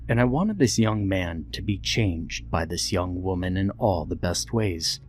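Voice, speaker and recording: A man narrating a story in a reflective, steady storytelling manner. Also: low voice, measured pace. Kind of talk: scripted horror story narration. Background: faint background music.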